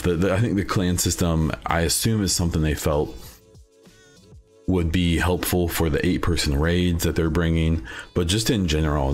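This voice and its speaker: A young man hosting a solo gaming podcast, talking casually and rambling with plenty of fillers and restarts. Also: low voice. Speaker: podcast host.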